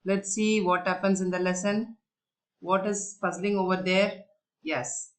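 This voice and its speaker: Slow, patient teacher. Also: female voice, mid-range voice, level tone, rough recording. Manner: explains patiently, asks and answers her own questions. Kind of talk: classroom story lesson.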